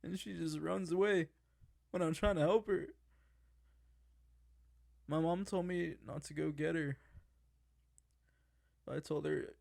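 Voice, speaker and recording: A man's voice: a little high, fairly even intonation, slow, creaky, long pauses, darkish tone, dry recording. A man telling an emotional personal story, agitated and swearing as he vents about family.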